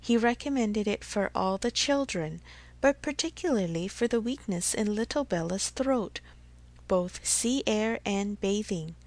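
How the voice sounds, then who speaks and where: A woman's voice: mid-range voice, lively intonation, a little slow, dry recording, natural voice. Earnest young mother, read by a woman. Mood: earnest warm. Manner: earnest, gently reassuring. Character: gentle warm-hearted young mother. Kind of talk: audiobook character reading.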